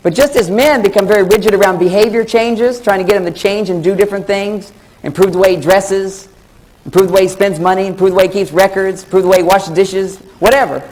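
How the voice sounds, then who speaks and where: Speaking quickly in a high voice, a middle-aged man delivers a comic relationship talk to a live crowd, animatedly spinning stories and performing bits of dialogue. The audio is poor, coming from an old VHS tape with a faint hum of background noise.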